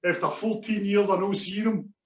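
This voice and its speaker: A man's voice: sits high, fairly even intonation, moderate pace, far from the mic. Chatty Scottish man in an echoey room. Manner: chatty, repeats himself, restarts phrases. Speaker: podcast co-host. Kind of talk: casual beer review chat.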